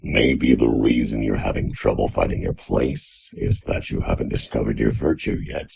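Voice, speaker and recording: A man voicing a hovering robot orb, deep and mechanical, earnest and lecturing. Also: expressive, moderate pace, vocal fry, darkish tone, breathy edge, no echo, heavily acted, low-quality recording. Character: Watcher speaking through a hovering robot orb.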